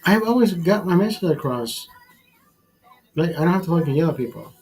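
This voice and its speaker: A man's voice: on the high side, animated, brisk, darkish tone, husky, rough recording. Tipsy male streamer, rambling profane rant, restarts often, faint background music. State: tipsy from drinking. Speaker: livestream host. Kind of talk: casual drinking livestream rant.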